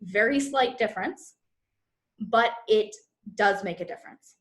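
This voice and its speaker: A woman's voice: mid-range voice, unhurried, fairly bright tone. A woman coach teaching a live online masterclass over a video call, chatty and bubbly, acting out what people say to themselves. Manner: bubbly and chatty, acting out quoted inner voices. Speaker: manifestation and human design coach. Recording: roomy echo.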